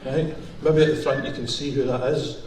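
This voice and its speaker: A man's voice: medium pitch, fairly even intonation, moderate pace, a little mellow. A middle-aged man with a Glaswegian Scottish accent, doing stand-up comedy with bawdy, swearing stories in a music hall. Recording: roomy hall from far off.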